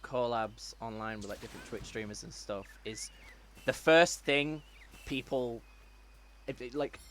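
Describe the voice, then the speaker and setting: A man's voice: medium pitch, steady tone, measured pace, a bit bright, slight background noise. Dry-witted man with an English accent. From England. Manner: dry, wry quips. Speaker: streamer. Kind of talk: casual gaming chat.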